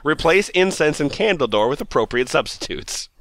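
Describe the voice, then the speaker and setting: A man's voice: a little high, sing-song, normal speed, fairly bright tone, slight background noise. A man hosting a casual comedy podcast, reading a blog post aloud and giggling often as he goes. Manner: giggly, reads aloud with frequent laughs.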